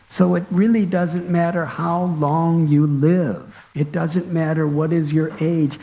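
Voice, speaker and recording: Brief: a monk preaching, slow and earnest, a gravelly voice pitched a little high. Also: male voice, warm tone, muffled recording. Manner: slow, earnest, dramatic storytelling. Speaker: monk and spiritual teacher. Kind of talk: devotional storytelling sermon.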